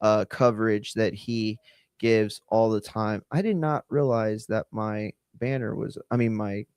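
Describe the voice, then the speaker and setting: A man hosting a live stream, chatting loosely and giving offhand shout-outs to viewers. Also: on the low side, fairly even intonation, measured pace, clean tone, no echo, clean studio sound. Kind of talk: casual live-stream chat.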